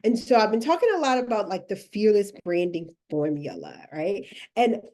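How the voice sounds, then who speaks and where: A woman career coach giving a live online masterclass, animated and emphatic, laughing often as she coaxes her audience along. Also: mid-range voice, moderate pace. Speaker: career and personal branding coach.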